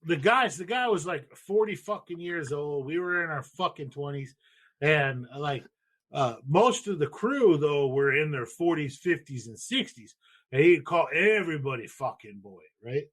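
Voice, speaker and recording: A man's voice: on the high side, animated, normal speed, a bit bright. A man in his thirties hosting a podcast, telling a story in a loose, profane, rambling way. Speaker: podcast host. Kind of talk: casual storytelling.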